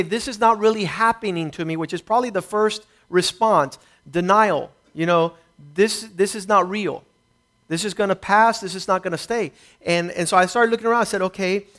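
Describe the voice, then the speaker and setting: A middle-aged man with a notably high voice delivers a sermon as a personal testimony. He moves from hushed, reflective stretches to louder, emphatic bursts as he tells his story. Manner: storytelling testimony, rising and falling intensity. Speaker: preacher.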